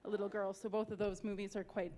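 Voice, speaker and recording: A woman's voice: medium pitch, level tone, fast, mellow. Nervous giggly woman fan. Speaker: fan asking a question. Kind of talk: audience question. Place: convention hall.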